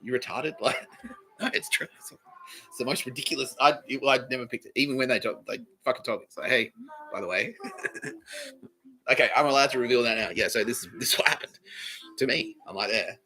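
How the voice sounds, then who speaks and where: A man's voice: mid-range voice, quick pace, poor audio. A middle-aged man hosting a podcast, rambling through a comedic monologue, swearing and laughing often. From Australia. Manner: profane, laughing often, animated. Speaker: podcast host.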